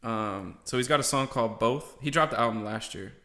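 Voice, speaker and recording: A man's voice: medium pitch, brisk. A man in a mid-range voice hosts a casual podcast, talking easily in slang and laying out music picks. The sound is roomy and echoey. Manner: relaxed, slangy, explains music. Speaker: podcast host. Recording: echoey room.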